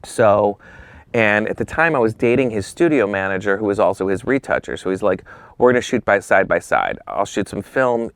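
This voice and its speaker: With a lowish, smooth voice and a moderate pace, a man guesting on a talk show recounts stories casually. He swears freely and animatedly performs the other characters' lines. No echo is present.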